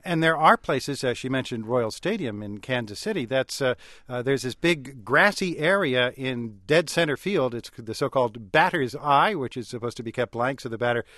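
A man's voice: mid-range voice, animated, normal speed, a bit bright, no room sound, clean studio sound. A man hosting a public radio call-in show, chatting with callers in an easygoing, wry way.

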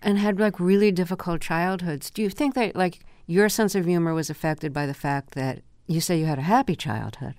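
A woman interviewing a guest with measured, probing questions and dry humor. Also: on the low side, a little mellow, no room sound. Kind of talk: radio interview.

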